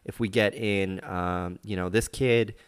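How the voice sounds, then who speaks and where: A man hosting a casual sports podcast, relaxed and joking, moving the talk along and reading out the chat. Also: lowish voice, unhurried, smooth. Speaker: podcast host.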